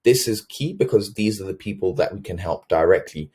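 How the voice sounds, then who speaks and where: A man's voice: sits low, lively intonation, a little fast, darkish tone, slightly rough. A man hosting a sales webinar, talking earnestly with many ums and restarts. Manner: earnest, filler-heavy, self-correcting. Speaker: webinar host.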